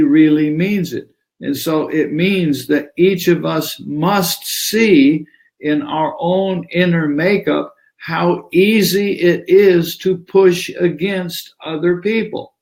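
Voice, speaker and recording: A man teaching yoga philosophy in a relaxed conversational way, acting out little dialogues as he explains. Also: fairly high pitch. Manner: animated, acts out little dialogues.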